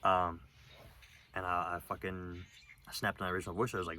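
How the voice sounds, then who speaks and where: A young man telling a personal story in a rambling, profane, halting way, with lots of fillers, outdoors. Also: low voice, little pitch movement, sharp tone, slight background noise. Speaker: vlogger. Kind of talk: casual storytelling monologue.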